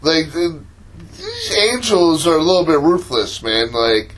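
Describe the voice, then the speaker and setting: A man's voice: fairly high pitch, sing-song, unhurried, a bit bright, rough recording. A man co-hosting a podcast, talking in slangy casual chat and quoting characters as he recaps an episode. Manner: slangy, laughs often, quotes characters. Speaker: podcast co-host.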